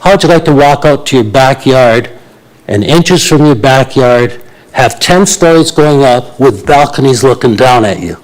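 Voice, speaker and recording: A man's voice: mid-range voice, expressive, moderate pace, low-quality recording. A man, addressing a town council as a local resident, blunt and indignant, with many hesitations. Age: 80s. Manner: blunt, indignant, with frequent uh fillers. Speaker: resident speaking at a public meeting. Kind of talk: public delegation to council.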